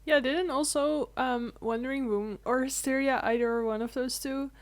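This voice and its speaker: A woman's voice: sits high, fairly even intonation, normal speed. A woman co-hosting a podcast, chatting casually with short interjections and laughs. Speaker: podcast co-host. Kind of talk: casual chat.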